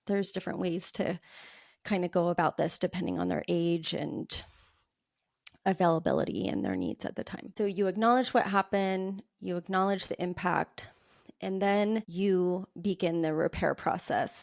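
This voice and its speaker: A woman hosting a solo parenting podcast, explaining calmly and acting out what a parent might say. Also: on the low side, normal speed, vocal fry, no echo, studio quality. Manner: calm, explanatory, acts out parent quotes. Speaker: podcast host.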